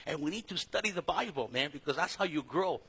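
A middle-aged man leads a Bible study in a high, bright, husky voice. He talks in a lively, casual way, swings from loud to soft, and keeps calling the crowd "man" and "dude." He grew up speaking Spanish. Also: quick pace. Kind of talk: sermon.

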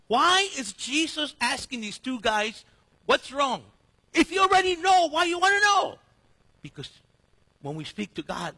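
A man preaching a sermon with lively delivery, jumping between loud emphasis and hushed, slow lines. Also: high-pitched, husky. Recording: echoey hall reverb.

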